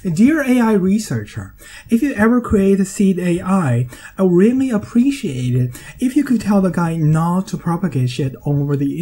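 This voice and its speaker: Man, English speaker, essay narration: mellow, dry humor, hesitant fillers. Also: sits high, slight background noise. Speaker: video essayist. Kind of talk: scripted monologue.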